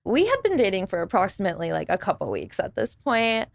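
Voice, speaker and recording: A woman guest on a podcast, casually telling a dating story in an animated way, acting out what others said and using lots of "like". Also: mid-range voice, fast, vocal fry, no echo, studio quality.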